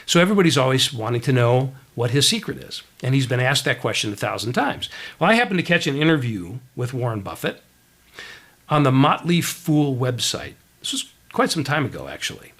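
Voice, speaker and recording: Animated male leadership speaker. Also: mid-range voice, a little fast. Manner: animated storyteller, frequent "right?" asides. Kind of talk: storytelling keynote talk.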